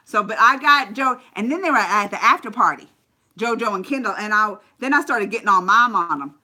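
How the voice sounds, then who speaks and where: A woman vlogger tells stories during a casual live stream, animated as she chats with viewers by name. Her voice is medium-pitched and brisk.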